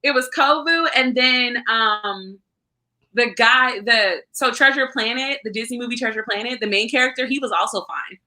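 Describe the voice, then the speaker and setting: An excitable woman chats on a livestream and reacts to viewer comments. Her voice sits high and sounds bright and sharp. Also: moderate pace. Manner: excitable, reads chat comments aloud. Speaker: book club co-host. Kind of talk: casual livestream chat.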